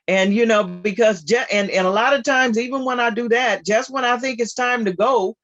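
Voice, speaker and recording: A guest speaker giving an informal spiritual talk on a video call, animated and repetitive with frequent laughter. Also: medium pitch, moderate pace, hardly any pauses, dull audio.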